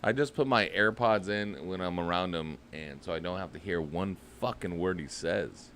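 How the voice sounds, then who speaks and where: A man's voice: low voice, moderate pace, a bit bright, slight background noise. A man hosting a show, chatting casually with crude joking banter. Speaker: host. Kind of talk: casual chat.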